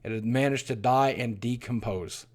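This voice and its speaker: A middle-aged man telling a painful personal story on his livestream, swearing often and swinging between hushed mutters and loud outbursts. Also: medium pitch, moderate pace. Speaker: streamer.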